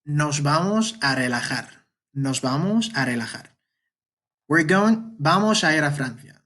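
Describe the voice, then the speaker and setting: A man teaching a beginner Spanish lesson from slides, patiently repeating each example with many pauses. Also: a little high, lively intonation, bright, forceful tone. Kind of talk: online language lesson explaining slides.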